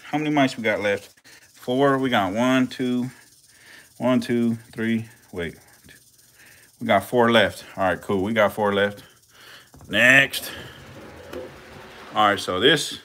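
A young man, giving loud, profane, laughing commentary as a channel host on a casual live stream. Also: medium pitch. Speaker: channel host feeding snakes.

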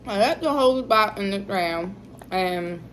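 A woman's voice: mid-range voice, lively intonation, a little slow, slight background noise, rough recording. A young woman chatting casually to her viewers while eating, telling a story with laughs. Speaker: vlogger, mother.

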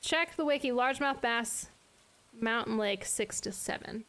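High-voiced woman streaming a game, swearing. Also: unhurried. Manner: swears often, chatty and exasperated; talks softly to her dog between game moments. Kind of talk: live gameplay commentary.

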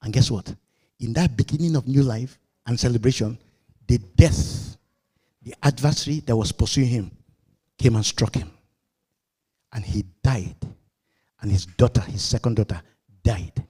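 A man preaching a sermon to a congregation, emphatic and questioning, at times rising to shouts. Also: medium pitch, a little slow, long pauses, slightly rough. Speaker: pastor.

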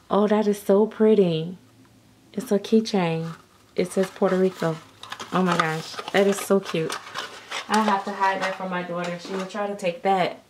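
A woman chatting excitedly and nervously through an unboxing vlog, with frequent giggles and gasps. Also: mid-range voice, background noise. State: nervous and jittery. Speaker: vlogger.

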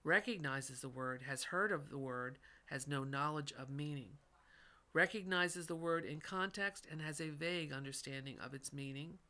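A narrator with a bright, crisp tone reads a teacher training module aloud. The delivery is steady and instructional, with every sentence paced for clarity. The pitch sits in a middle range. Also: moderate pace.

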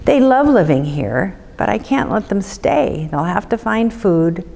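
A woman's voice: medium pitch, sing-song, a little slow, gravelly, darkish tone, in a large hall, exaggerated voice. A woman reading a storybook aloud, voicing a grumpy little male forest creature who scolds in rhyme. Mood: scolding.

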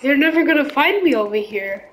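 A woman giving live gameplay commentary, excitable and slangy, often yelling reactions. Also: high voice, a little fast, a little hiss or hum, poor audio. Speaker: gaming video creator.

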